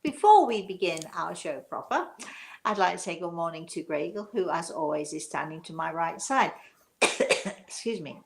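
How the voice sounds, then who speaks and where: A woman's voice: fairly low pitch, animated, normal speed, a little hiss or hum. An older woman from England hosting a show, chatting casually and rambling with many fillers. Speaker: show host, medium.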